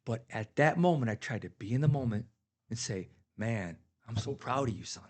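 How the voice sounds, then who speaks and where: A man's voice: mid-range voice, expressive, moderate pace, husky. A man on a podcast telling heartfelt stories about his kids in casual chat, getting emotional. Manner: earnest, emotional storytelling. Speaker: podcast guest.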